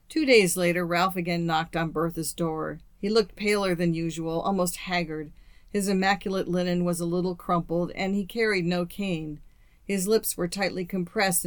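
A narrator reads a classic story at a steady, measured pace. The sound is dry and close, with no room around it. The pitch sits in an ordinary middle range. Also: no echo. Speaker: audiobook narrator.

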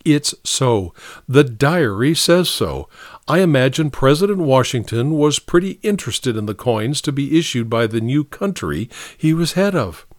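A man's voice: medium pitch, big pitch swings, measured pace, no room sound. A level-headed young countrywoman who speaks in a cool, matter-of-fact way, as a male reader puts her on. The reading is dry and close to the mic. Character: cool, plain-spoken young farm woman.

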